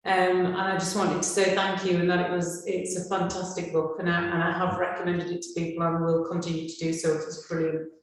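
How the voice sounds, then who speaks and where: A woman's voice: on the low side, level tone, fairly quick, hardly any pauses. A woman participant thanking a speaker, appreciative and slightly hesitant. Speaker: retreat participant. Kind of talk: casual chat. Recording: very echoey room.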